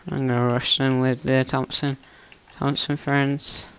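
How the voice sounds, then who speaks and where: A man's voice: medium pitch, little pitch movement, a little slow, fairly bright tone, clear, resonant tone, no room sound. A young man talking to himself in a chatty, teasing way while commentating his own gameplay on a close mic. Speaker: gaming YouTuber.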